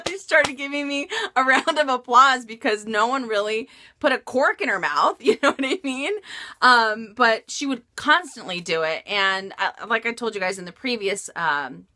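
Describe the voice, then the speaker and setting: Bright-voiced chatty woman vlogger. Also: high voice. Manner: chatty, frank, laughs often, many fillers. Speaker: luxury handbag vlogger. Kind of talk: casual Q&A vlog chat.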